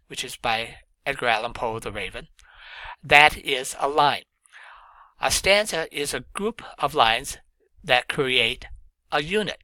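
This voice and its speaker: A man lecturing on literature, explaining in a measured way with frequent filler sounds. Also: mid-range voice, animated, pushed and bright, dry recording, low-quality recording. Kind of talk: recorded lecture.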